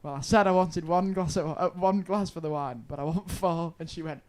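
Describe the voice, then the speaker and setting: Rambling lad telling a story. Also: male voice, a little high, a little fast. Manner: rambling, swearing, laughing through his anecdotes. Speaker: podcast co-host. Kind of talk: casual chat, storytelling.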